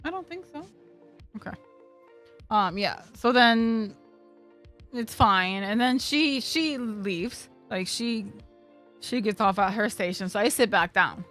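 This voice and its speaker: A young woman streamer rambles through a casual story in a slightly high voice, leaning on fillers and swearing freely. Faint music sits under her voice. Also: animated, slow, long pauses, fairly bright tone.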